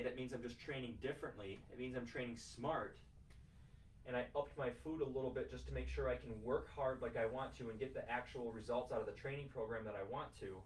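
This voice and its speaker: A man's voice: medium pitch, recorded from a distance, a little hiss or hum. A man as a fitness coach, lecturing his podcast listeners in an emphatic, repetitive, motivational way, swearing casually. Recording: roomy sound from a mic set back.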